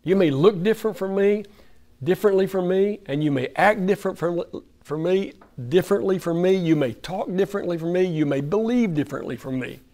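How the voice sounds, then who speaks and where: A man's voice: high voice, brisk, dark tone. A man with an Oklahoma accent preaching a folksy, conversational sermon in a church fellowship hall, putting questions to the room.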